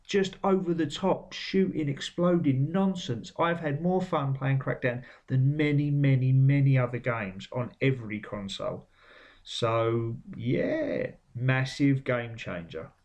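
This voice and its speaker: A man's voice: mid-range voice, unhurried, darkish tone, highs cut off. A man giving blunt, sweary, opinionated commentary on video game trailers. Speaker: game vlogger. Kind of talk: casual commentary.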